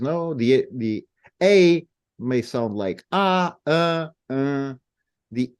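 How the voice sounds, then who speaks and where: A man's voice: medium pitch, a little mellow. A man whose first language is Portuguese, speaking English with a Portuguese accent and patiently demonstrating how words sound. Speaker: language guest explaining pronunciation. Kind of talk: explanatory conversation.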